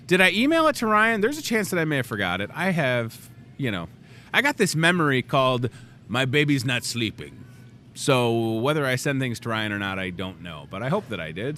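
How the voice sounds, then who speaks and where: A man in his thirties hosts a live talk show on a grocery store set, animated and jokey, rambling through asides. His voice sits in the mid range, and the recording has a little hiss or hum.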